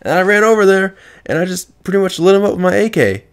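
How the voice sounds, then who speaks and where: A man's voice: high-pitched, expressive, fast. A young man telling a story from an online game in a casual, profane vlog. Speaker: gaming video creator.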